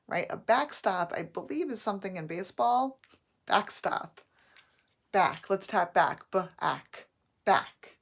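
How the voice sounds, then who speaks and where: A woman teacher giving a patient phonics lesson, modeling each word slowly and clearly. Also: medium pitch. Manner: slow, patient, drawn-out modeling of words.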